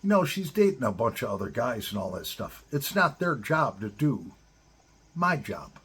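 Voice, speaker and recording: A man's voice: mid-range voice, big pitch swings, normal speed, fairly bright tone, slightly rough. A middle-aged man giving blunt, profane advice straight to other men in a casual monologue. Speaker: advice-giver to divorced fathers.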